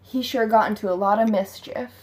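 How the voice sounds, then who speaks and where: A woman's voice: medium pitch, steady tone, fairly quick, a little mellow. A woman telling a folktale in a plain, homespun way for a storytelling class. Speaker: student storyteller.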